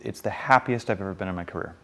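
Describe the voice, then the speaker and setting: Man, 40s, interview guest, chatty and animated. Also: low-pitched, racing. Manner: chatty, animated, many fillers. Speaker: interviewee, stage performer. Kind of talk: casual interview chat.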